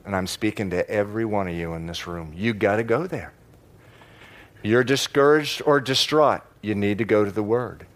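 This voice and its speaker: A man preaching a sermon to a congregation in church, stressing key words by slowing down and repeating phrases. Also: on the low side. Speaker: pastor.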